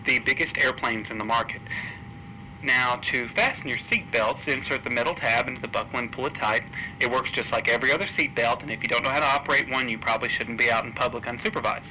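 A man's voice: mid-range voice, fast talker, pushed and bright, a little hiss or hum, rough recording. A man playing an airline captain making a dry, sarcastic announcement in a comedy skit. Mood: deadpan.

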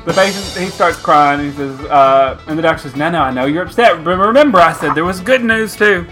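Bright-voiced man telling a joke. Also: on the high side, a little fast, faint music behind. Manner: storytelling, does voices for joke characters. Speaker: co-host. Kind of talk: comedic radio banter, telling jokes.

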